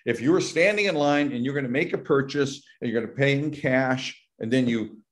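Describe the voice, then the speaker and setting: A man's voice: medium pitch, brisk. A man who is a psychology professor, giving an explanatory academic talk over a video call, with frequent restarts and repeated words. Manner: explanatory, acts out patients' worried voices, many restarts.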